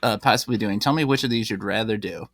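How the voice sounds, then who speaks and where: A man's voice: lowish voice, quick pace, a bit bright, dry recording, studio quality. A man co-hosting a comedy podcast, telling stories loosely and laughing mid-sentence. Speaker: podcast co-host. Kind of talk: casual comedic chat.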